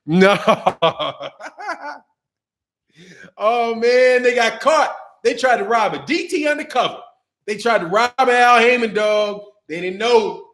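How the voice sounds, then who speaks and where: Animated man with a high voice. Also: takes it slowly. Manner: animated, slangy, laughs often, rambling. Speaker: boxing channel host. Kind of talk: casual livestream chat reading super chats.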